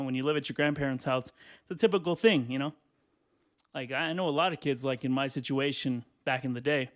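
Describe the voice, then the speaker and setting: Young male podcast host, twenties, profane animated solo rant, slightly high voice. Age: 20s.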